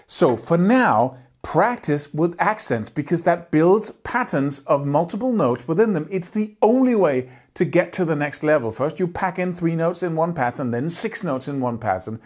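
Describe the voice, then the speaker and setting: A man's voice: fairly high pitch, animated, normal speed, hardly any pauses, darkish tone. A man teaching guitar picking in a video lesson, talking energetically and emphatically and singing out rhythms with syllables.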